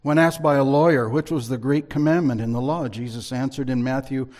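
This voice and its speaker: A male Bible teacher delivering a sermon-style lesson at a middle pitch. He speaks in a measured, emphatic way and reads scripture passages aloud, leaning on the key words. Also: steady tone, darkish tone.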